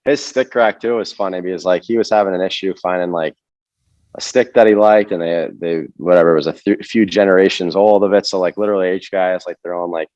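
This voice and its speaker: Low-voiced relaxed male guest on a call. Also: fast talker, dry recording, muffled recording. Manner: relaxed, lots of "like" and "yeah", laughs along. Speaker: podcast guest. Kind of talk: casual interview chat. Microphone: video call.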